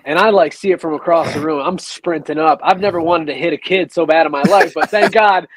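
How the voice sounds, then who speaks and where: A man hosting a podcast, talking in a relaxed, reflective way with casual swearing. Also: a little high, brisk. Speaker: podcast host. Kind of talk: casual conversation.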